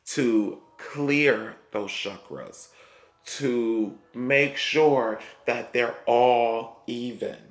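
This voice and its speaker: A man giving a spiritual tarot reading, speaking slowly and repeating himself, often checking in with "okay?". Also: medium pitch, fairly bright tone. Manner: slow, repetitive, reassuring, punctuated by "okay?". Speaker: tarot reader.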